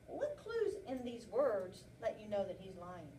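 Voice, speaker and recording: A woman's voice: medium pitch, huge pitch swings, unhurried, mellow, a little hiss or hum. A woman kindergarten teacher leading an interactive read-aloud, prompting children with frequent questions, recorded by a far camera in a classroom.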